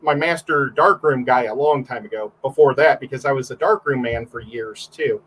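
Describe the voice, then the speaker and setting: A man's voice: mid-range voice, normal speed, a bit bright, breathy edge, poor audio. A man, a photographer, guesting on a livestream and telling rambling stories in casual chat, full of fillers and restarts.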